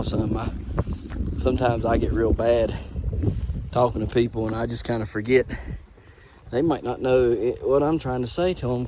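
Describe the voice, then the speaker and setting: A man's voice: mid-range voice, background noise. A man, an easygoing homesteader rambling through an outdoor vlog in a snowstorm. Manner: easygoing, rambling with restarts and fillers. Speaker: homesteader and trapper.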